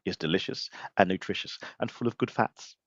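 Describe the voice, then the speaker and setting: A man's voice: sits low, brisk, no echo, dull audio. A man hosting a casual live show, talking bluntly and animatedly and swearing freely. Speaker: podcast host. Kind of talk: casual livestream chat.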